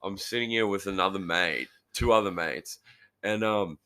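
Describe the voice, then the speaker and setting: A man's voice: deep voice, moderate pace, bright, forceful tone, clear, resonant tone. A young man with an Australian accent, a podcast guest telling rambling crude stories and laughing. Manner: rambling storyteller, swears, laughs. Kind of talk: crude casual banter.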